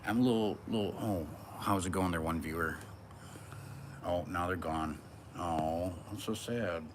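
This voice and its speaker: Young man, very low voice, loose swearing livestream host, noisy background. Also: a little slow. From United States. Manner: rambling, rhyming, swears often, playful. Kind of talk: casual livestream chat. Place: Michigan, summer heat.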